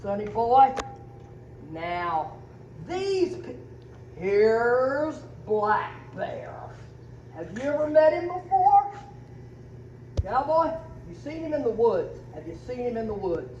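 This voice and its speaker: A woman hosting a community video, talking in a teasing, animated way to a man and a set of stuffed toys. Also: fairly high pitch, takes it slowly, pauses often. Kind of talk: playful skit narration. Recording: echoey, dull, faint background noise.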